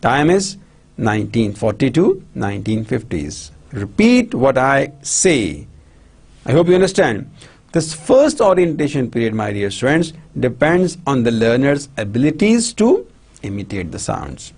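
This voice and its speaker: A man with a Pakistani English accent lectures students in a husky, gravelly voice. His pitch swings widely as he restates points and asks whether the class understands. He talks in short bursts with many restarts. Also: sing-song, moderate pace, a little mellow. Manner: repetitive, checks understanding often, many restarts. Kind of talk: recorded university lecture.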